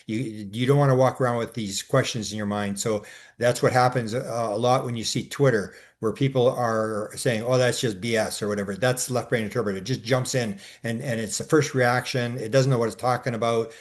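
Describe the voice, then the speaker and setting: A man co-hosting a casual discussion, talking in long rambling stretches full of restarts and filler sounds, and growing animated as he recounts his exchanges. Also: medium pitch, a little fast. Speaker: co-host.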